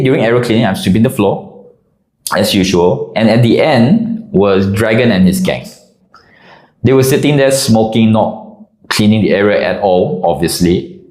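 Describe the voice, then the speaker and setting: A man from Singapore narrates a personal army story in a low voice with lively, swinging intonation. He talks in an expressive, conversational way, and the room around him gives a clear echo. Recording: echoey room.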